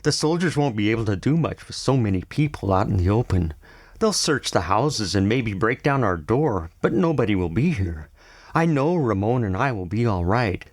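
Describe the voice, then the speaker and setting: A man's voice: lowish voice, big pitch swings, normal speed, dry recording. A man reading a novel aloud and voicing a protective village mother in a raised, urgent tone. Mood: calm. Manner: pleading, urgent.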